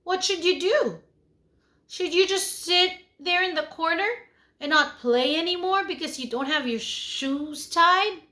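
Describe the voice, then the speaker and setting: A preschool teacher leads an online lesson for young children at a measured pace. Her animated, sing-song delivery swings in pitch and loudness, and she asks the kids lots of questions.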